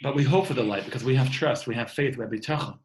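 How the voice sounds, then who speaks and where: An earnest man in his thirties gives an inspirational talk from home over a video call. His voice sits in an ordinary middle pitch, and he often repeats words as he builds his points. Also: quick pace, slight background noise, low-quality recording. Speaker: speaker giving an online talk. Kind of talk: warm inspirational talk to an online audience.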